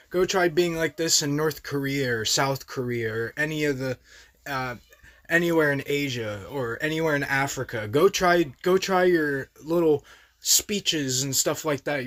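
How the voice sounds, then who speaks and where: A man's voice: a little high, sharp tone. A young man hosting a reaction video, talking in heated, profane, exasperated casual commentary.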